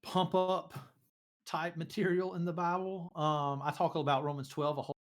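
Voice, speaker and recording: A man's voice: a little high, level tone, moderate pace. A young man hosting a casual faith talk show, speaking with loose enthusiasm and lots of fillers. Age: young adult. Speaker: host.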